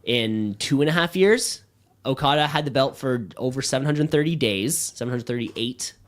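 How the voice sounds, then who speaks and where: A man co-hosting a casual podcast, recorded in a studio. He rambles excitedly, piles on fillers and curses freely. His pitch and pace are middling for a man. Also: moderate pace. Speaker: podcast co-host.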